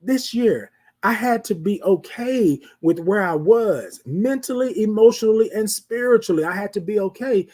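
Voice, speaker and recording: This is a husky-voiced host giving a motivational talk on a live show. The speech keeps circling back to the same phrases and reaches out to listeners with rhetorical questions. The tone is preacherly and direct, with regular nods to "ladies and gentlemen.". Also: mid-range voice, lively intonation, moderate pace. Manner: repetitive, preacherly, asks the audience rhetorical questions.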